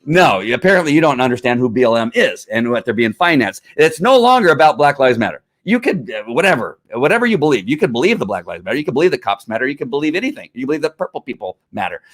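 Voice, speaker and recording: A man's voice: mid-range voice, quick pace, few pauses. A middle-aged man, a former police officer, riled up and ranting in heated commentary, full of restarts. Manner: riled up, animated, talks over himself with restarts.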